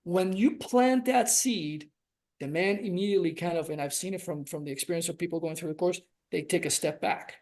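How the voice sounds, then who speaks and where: A man acting as a relationship coach on a podcast speaks earnestly and reflectively, stretching out key words for emphasis. His voice sits high with a darkish tone and a brisk pace, suited to reflective conversational podcast talk.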